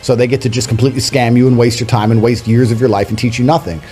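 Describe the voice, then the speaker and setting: A man arguing his views insistently as a podcast guest, dismissive in tone, climbing loud and high when worked up. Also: little pitch movement, quick pace. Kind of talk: argumentative talk.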